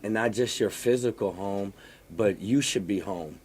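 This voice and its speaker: A middle-aged man in casual chat, talking haltingly with lots of fillers and repeats. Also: lowish voice, darkish tone, slightly rough.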